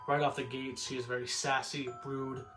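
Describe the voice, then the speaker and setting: Man, casual horror review host, slangy and laid-back, mid-pitched voice, faint music underneath. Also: little pitch movement, moderate pace, a bit bright. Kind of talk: casual spoken episode review.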